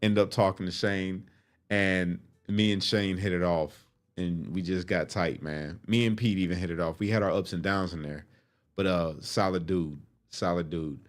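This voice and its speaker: A man's voice: deep voice, moderate pace. A man telling a story from his life in casual, profane talk, acting out what people said. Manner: profane, animated, acts out quotes.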